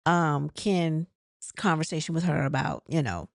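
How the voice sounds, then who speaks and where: A woman's voice: low voice, a little slow, creaky, dry recording, clean studio sound. A woman hosting a casual reality TV recap, chatting and retelling scenes with quoted dialogue and frequent laughs.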